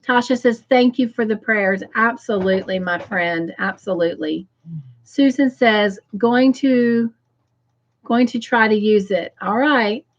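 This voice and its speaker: A woman hosting a livestream, greeting viewers by name and reading their comments aloud with effusive, excited warmth. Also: a little high, takes it slowly, muffled recording. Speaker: livestream host.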